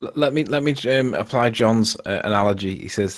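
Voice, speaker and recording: A man's voice: on the low side, a little fast, few pauses. A man chatting on a live debate stream, rambling and hesitant with many ums and restarts. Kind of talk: casual online chat.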